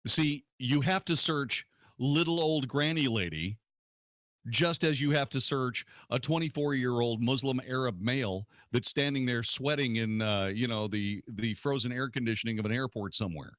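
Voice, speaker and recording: A man hosts a talk radio show from the studio, blunt and cutting, with a sarcastic edge. His voice sits at an ordinary middle pitch. The sound is close and dry, with no room around it. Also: moderate pace, a bit bright, no room sound. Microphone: studio microphone.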